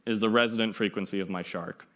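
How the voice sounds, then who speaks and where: A man's voice: fairly low pitch, steady tone, quick pace, a bit bright, a little hiss or hum. A young man giving an informal classroom lecture, chatty and fond of playful analogies, often checking in with "right?". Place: lecture room.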